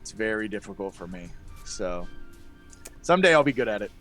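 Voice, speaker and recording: A man's voice: lowish voice, very animated, brisk, fairly bright tone, soft background music. Rambling self-deprecating man. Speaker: guest player. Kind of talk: casual podcast chat.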